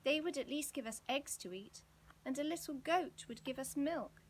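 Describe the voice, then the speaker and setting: A woman's voice: sits high, moderate pace, voice pushed up, close to an everyday voice. A woman voicing an exasperated storybook mother who scolds and sighs over her children. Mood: scolding. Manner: exasperated, sighing.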